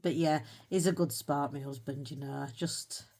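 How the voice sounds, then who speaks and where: A British woman in middle age chats away while she colours, her voice sitting low. She drifts from thought to thought, pokes fun at herself and slips in soft little laughs. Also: steady tone, normal speed. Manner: chatty and rambling, self-mocking, with little laughs. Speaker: colouring channel host. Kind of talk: casual chat while colouring.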